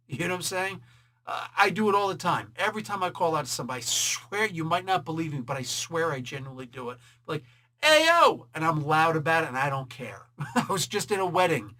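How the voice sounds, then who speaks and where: This comic book reviewer keeps things casual, jokey and animated, with a voice that's a little high. He laughs frequently and slips into quick character voices for quotes.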